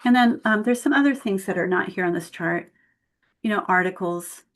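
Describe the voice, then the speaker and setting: A woman's voice: mid-range voice, moderate pace. A woman leading an online workshop for tutors, explaining grammar with spoken example sentences over a video call mic. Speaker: tutor trainer.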